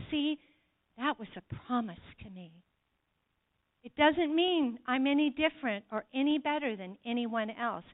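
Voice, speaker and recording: A woman giving an earnest sermon testimony to a church congregation, speaking to them directly. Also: fairly high pitch. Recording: tinny phone-like sound.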